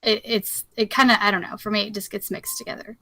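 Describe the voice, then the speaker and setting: A woman's voice: medium pitch, flat delivery, quick pace, sharp tone, dry recording. A woman chatting casually on a group video call, rambling and laughing often.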